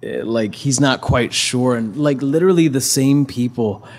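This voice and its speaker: Preacher, male, husky mid-pitched voice, loose conversational storytelling with fillers. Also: normal speed, a little mellow. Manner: conversational, with many fillers and restarts. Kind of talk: casual retelling of a scripture story.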